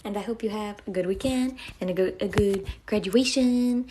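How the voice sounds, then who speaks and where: A woman's voice: medium pitch, normal speed, warm tone. A young woman live-streaming, chatting casually and giggling as she thanks her viewers.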